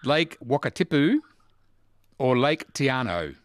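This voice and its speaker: A man's voice: medium pitch, sing-song, unhurried, no room sound, clean studio sound. A man hosting a casual quiz chat, playful and teasing as he reads out questions and options. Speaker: quiz host.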